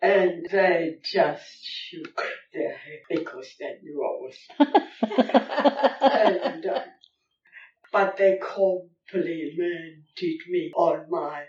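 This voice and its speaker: A woman's voice: on the low side, lively intonation, a little mellow. Older woman, rambling. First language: German. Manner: rambling, halting, many fillers. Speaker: interviewee. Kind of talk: reminiscing interview. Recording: roomy, distant, dull lo-fi recording.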